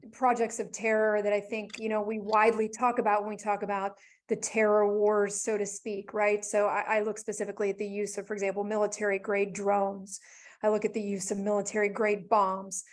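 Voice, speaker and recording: A woman speaking as a researcher on a webinar panel, thinking aloud and often restarting her phrases, talking over a video call. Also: medium pitch. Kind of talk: academic panel discussion.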